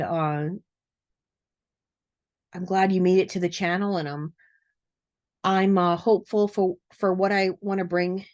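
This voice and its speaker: Earnest, rambling woman vlogging at home. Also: lowish voice. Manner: rambling and earnest, with frequent fillers and soft laughs. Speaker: narcissism recovery coach. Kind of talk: casual talking-to-camera vlog. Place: cluttered room at home.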